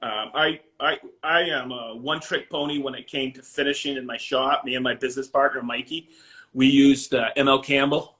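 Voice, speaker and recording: A man's voice: mid-range voice, steady tone, moderate pace, pushed and bright. A man with a Maine accent, a guest chatting casually on a podcast, laughing often and correcting himself as he goes. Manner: chatty, laughs easily, self-interrupting.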